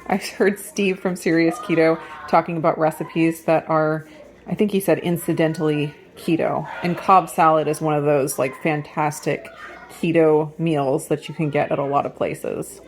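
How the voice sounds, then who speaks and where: A woman with a lowish voice chats through her day, walking around a small home farm and then cooking in her kitchen. Her speech is easygoing and unscripted. A faint hiss of noise sits behind her. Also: fairly even intonation, moderate pace. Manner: coos in a high sing-song voice to the animals. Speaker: vlogger. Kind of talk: casual food and farm vlog narration.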